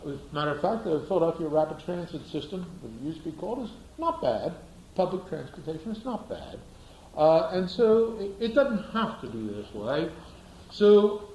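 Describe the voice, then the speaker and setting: A man's voice: fairly high pitch, a little mellow, roomy sound, slight background noise, rough recording. A man giving a classroom lecture, asking the class rhetorical questions and acting out little scenes.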